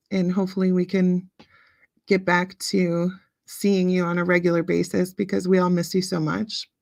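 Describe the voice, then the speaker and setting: With a gravelly, mid-range voice, a woman in her late thirties hosts a casual livestream, talking with viewers and reading their comments aloud. She's chatty and says um a lot. The recording is dry, with clean studio sound.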